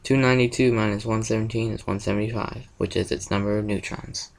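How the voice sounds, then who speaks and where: Male presenter, slightly low voice, steady read-through of a science explanation. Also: fast, gravelly, a little hiss or hum, low-quality recording. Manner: steady, methodical, step-by-step explaining. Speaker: presenter of a school science project. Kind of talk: reading a prepared explanation.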